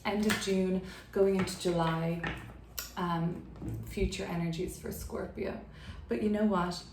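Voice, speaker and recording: A woman's voice: fairly low pitch, fairly even intonation, a little slow, reverberant, background noise. Chatty woman reading tarot cards. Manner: chatty, filler-heavy, laughs easily. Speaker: tarot reader. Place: her apartment.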